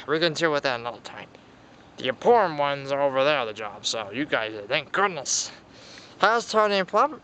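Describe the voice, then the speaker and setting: A man's voice: a little high, a bit bright, a little hiss or hum. A man improvising a toy-play story, voicing the characters himself with frequent gasps and exclamations.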